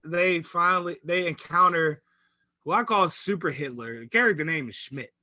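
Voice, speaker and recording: Male podcast co-host, high, bright tone, profane and animated storyteller. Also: moderate pace, no echo. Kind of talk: casual chat.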